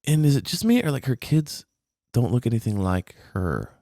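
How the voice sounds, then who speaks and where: A man's voice: medium pitch, very animated, moderate pace, warm tone, dry recording, clean studio sound. A man co-hosting a podcast, chatting casually about a reality show and acting out quotes in put-on voices. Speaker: podcast co-host. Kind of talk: casual reality TV recap chat.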